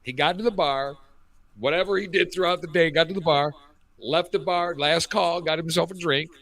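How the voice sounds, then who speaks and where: A radio show co-host in his fifties, with a voice on the high side and a moderate pace, tells crude stories in casual talk-show chat. He's an animated storyteller, heard through a cheap headset.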